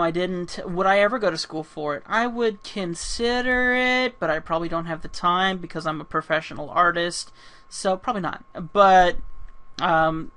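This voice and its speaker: A man's voice: on the high side, sharp tone. A man answering fan questions while he draws, rambling with many ums and restarts, and losing his voice. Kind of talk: casual talk while drawing.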